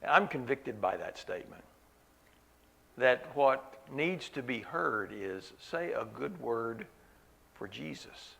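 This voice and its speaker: A man's voice: mid-range voice, animated, slow pace, creaky, a bit bright. A man preaching a sermon at a church meeting, earnest, repeating key phrases for weight.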